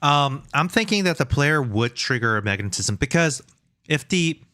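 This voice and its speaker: A man's voice: fairly high pitch, big pitch swings, normal speed, bright, forceful tone, dry recording, studio quality. A young man streaming game development from home at a desk mic, chatting casually, reading chat aloud and joking about himself. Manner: rambling, reads chat aloud, self-deprecating jokes. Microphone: desk microphone.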